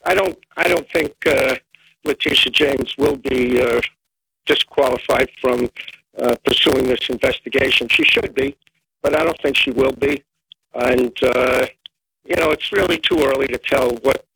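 A man answering questions as a legal commentator on a radio show, measured and halting with frequent fillers. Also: medium pitch, vocal fry, pushed and bright, breathy edge, no room sound, low-quality recording. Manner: measured, hesitant with many fillers.

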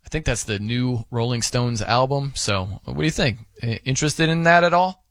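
A man's voice: mid-range voice, normal speed, a bit bright, no room sound. A man hosting a sports radio show in casual, rambling, self-amused banter at a studio microphone.

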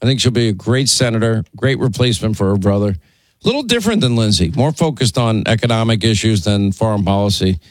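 A man hosting a call-in radio talk show, talking quickly and stumbling over restarts. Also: on the low side, animated, no room sound. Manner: rapid, self-interrupting, stammering restarts.

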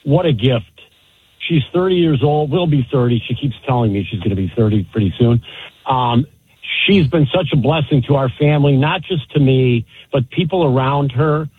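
A middle-aged male caller on a radio talk show, heard over a thin, tinny phone line. His voice is a little husky, and he speaks with earnest gratitude. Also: mid-range voice, normal speed. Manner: grateful and earnest. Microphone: telephone.

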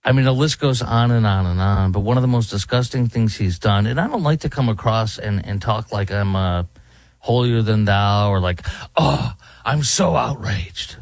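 A man's voice: fairly low pitch, normal speed, darkish tone, dry recording. A man hosting a talk show, ranting in opinionated political commentary and now and then mocking people with impressions. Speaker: talk radio host. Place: Dallas.

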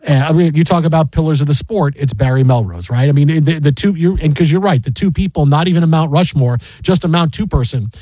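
A man's voice: fairly high pitch, fast talker, few pauses, dark tone, dry recording, poor audio. A middle-aged man hosting a sports talk radio show, telling a story in a rambling way full of "like" and "you know". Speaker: radio host. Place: radio studio.

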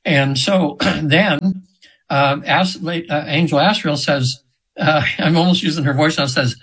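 Man, seventies, breathy voice, somewhat high, rambling interview storytelling. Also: steady tone, moderate pace, fairly bright tone, rough recording. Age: 70s. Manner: rambling, many fillers and restarts, acts out quoted voices. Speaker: guest hypnotherapist.

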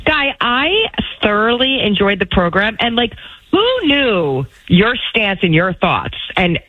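A woman's voice: mid-range voice, animated, unhurried, a bit bright, no echo, low-quality recording. A woman producer and co-host telling playful stories in casual chat, laughing often.

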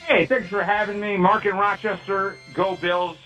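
A man's voice: high-pitched, flat delivery, normal speed, sharp tone, faint music behind, low-quality recording. A man calling in to play a radio game show, friendly and upbeat. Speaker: caller and contestant. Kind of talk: casual phone-in answers.

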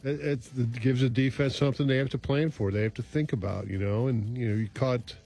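A man's voice: mid-range voice, steady tone, a little fast, vocal fry, dark tone, slightly rough, faint music behind. A man talking football as a radio analyst, rambling and full of fillers. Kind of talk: sports talk radio analysis.

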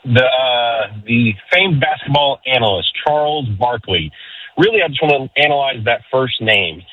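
A man's voice: medium pitch, animated, normal speed, slightly rough. A man calling in to a sports radio show, polite with a dry joking edge. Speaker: caller. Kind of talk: phone-in call. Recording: phone line.

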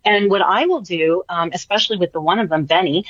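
An energetic woman guest explaining her ideas on a radio show, often repeating herself and checking in with "right?". Her voice comes over a slightly dull, muffled line, and it sounds dry and close. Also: on the low side, fairly quick, dry recording. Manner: enthusiastic, repeats phrases, tag questions like "right?". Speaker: spiritual energy worker guest. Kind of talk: casual radio interview.

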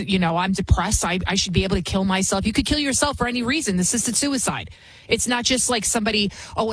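Heated female host, husky tone, dry recording, driving monologue. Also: medium pitch, no room sound. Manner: emphatic, heated, repetitive with many restarts. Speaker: commentary show host. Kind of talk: opinion monologue.

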